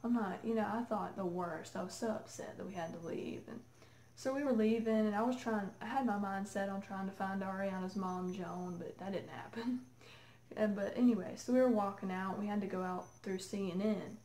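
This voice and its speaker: A woman excitedly telling a rambling story to camera, full of fillers. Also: medium pitch, fairly quick. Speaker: vlogger. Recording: echoey room.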